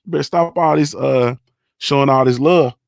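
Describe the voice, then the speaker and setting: A young adult man talks straight to his viewers on a livestream, emphatic, profane and repetitive. His voice sits at an ordinary pitch and is recorded dry and up close, with no room sound. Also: normal speed, vocal fry, no echo. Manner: emphatic, repetitive, profane, keeps asking "you understand". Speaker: livestream host reading chat. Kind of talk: casual livestream talk to viewers.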